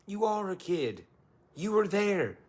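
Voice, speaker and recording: A man's voice: sits high, very animated, slow pace, darkish tone. A man hosting a podcast, talking bluntly and incredulously in casual slang with plenty of swearing. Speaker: podcast host.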